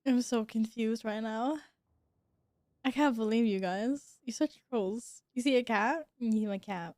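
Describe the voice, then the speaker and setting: A woman's voice: a little high, a little slow, a little mellow, no echo, clean studio sound. A woman streamer with the hiccups, chatting casually while gaming, giggly, flustered and swearing now and then. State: has the hiccups.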